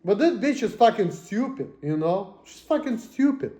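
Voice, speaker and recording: A man's voice: high-pitched, big pitch swings, moderate pace. Profane ranting man in an echoey room. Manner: profane, agitated, swings between mutters and shouts. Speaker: vlogger. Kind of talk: angry personal rant.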